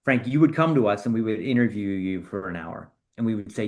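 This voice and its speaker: Fast-explaining man on a podcast. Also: on the low side. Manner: animated explainer, speeds up and slows down to stress points. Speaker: AI consultant guest.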